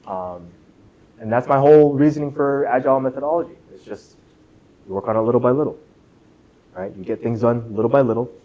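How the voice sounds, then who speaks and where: The voice is medium-pitched with a dark tone, and the audio is dull. A young club workshop presenter lectures students casually in a classroom, joking, quizzing the room, and saying "right?" often.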